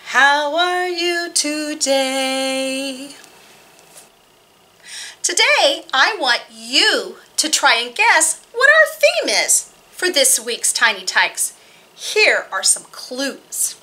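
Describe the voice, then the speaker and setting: A woman librarian leading a storytime for small children, reading aloud with an animated, exaggerated sing-song delivery. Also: high-pitched, slow. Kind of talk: storytime reading and singing for kids.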